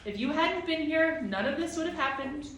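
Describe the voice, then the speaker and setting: A woman's voice: on the high side, expressive, unhurried, distant mic, slight background noise. A woman reading aloud as a tall, officious Proc creature, snappish and grave. The room echoes heavily around her voice. The mic sits a good way off. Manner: snappish, then grave and firm.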